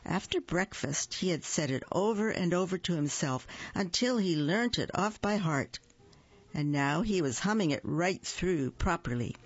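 A woman reading a children's story aloud on a radio reading program, gentle and unhurried, singing the little hums. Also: on the low side, lively intonation, slightly rough, no room sound, lo-fi sound.

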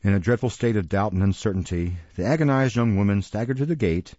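A man reading a classic novel aloud in a measured, expressive storybook narration, recorded close and dry in a dull lo-fi recording. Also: on the low side, no echo. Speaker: audiobook narrator.

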